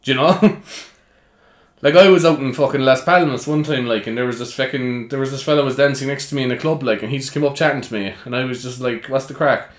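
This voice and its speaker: A man's voice: mid-range voice, fast talker, roomy sound. A young man with a Cork Irish accent, chatting casually as a podcast host, swearing freely and telling stories with energy. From Ireland. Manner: swears freely, animated storytelling. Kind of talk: casual chat.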